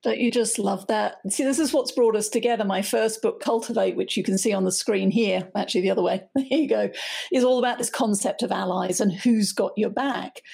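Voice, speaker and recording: Gravelly, dark-voiced woman host. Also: mid-range voice, fairly quick. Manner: warm, enthusiastic questioning. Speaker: podcast host and author. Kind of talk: interview hosting.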